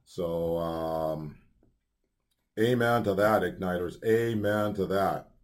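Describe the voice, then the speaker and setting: Male radio host, slightly low voice, loose filler-heavy delivery, friendly upbeat announcements. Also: takes it slowly. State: hiccups. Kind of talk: casual radio show chat.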